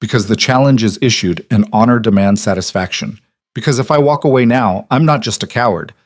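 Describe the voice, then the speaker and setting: A man's voice: fairly low pitch, fairly quick, no room sound, studio quality. A man voicing a bitter, desperate young nobleman in an audiobook romance, hollow and proud.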